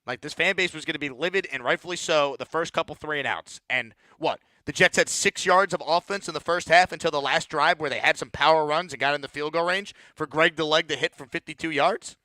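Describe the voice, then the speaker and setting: Male call-in sports host, bright forceful voice, dry close mic, blunt and fired up. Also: on the high side, brisk, few pauses, dry recording. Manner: blunt, fired-up, repeats words when heated. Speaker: sports talk show host. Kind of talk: postgame call-in show rant.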